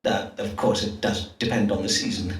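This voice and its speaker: An actor voicing an Elizabethan astrologer-doctor who speaks in measured, formal old-fashioned phrases with hesitant fillers, in a game. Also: male voice, on the low side, fairly even intonation, natural voice. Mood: grave. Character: Elizabethan astrologer-doctor, pompous yet awkward. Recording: distant roomy game audio.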